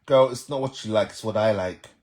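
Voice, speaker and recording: Lively Jamaican man chatting on a livestream. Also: on the low side, brisk. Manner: animated, reads out viewer comments and answers them. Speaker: live stream host. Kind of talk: casual live stream chat.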